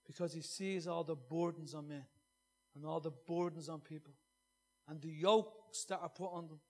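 Male preacher, high voice, earnest, loud emphatic bursts, hushed soft readings. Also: fairly even intonation, measured pace, pauses often. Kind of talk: sermon.

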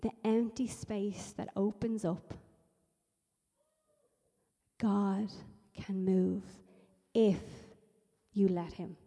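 A woman's voice: mid-range voice, fairly even intonation, drawn-out words, pauses often, dark tone, breathy edge. Emphatic woman preacher in a reverberant hall. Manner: emphatic, repetitive preaching with rising intensity. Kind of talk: sermon.

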